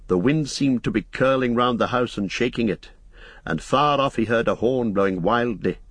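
A man narrating an audiobook in a measured, even storytelling manner. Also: medium pitch, slightly rough, no room sound. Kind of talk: scripted narration.

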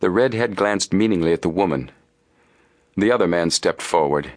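A man narrating a storybook in a steady, measured way. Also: low voice, no room sound, studio quality. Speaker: audiobook narrator. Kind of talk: scripted narration.

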